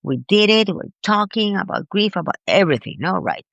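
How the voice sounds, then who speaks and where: A woman being interviewed as a grief expert, telling a personal story in an animated, emphatic way and often repeating words. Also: mid-range voice, brisk, vocal fry, no room sound. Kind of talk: conversational storytelling.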